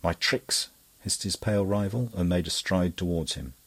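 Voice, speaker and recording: A male audiobook narrator with a deep voice and a husky edge. He reads in a measured, even way. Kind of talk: scripted narration.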